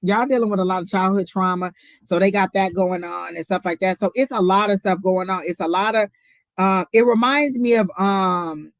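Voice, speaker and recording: A woman's voice: mid-range voice, moderate pace, no echo. A woman co-hosting a live tarot stream, chatting casually and talking straight to viewers. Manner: chatty, storytelling, talks to viewers directly. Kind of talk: casual chat.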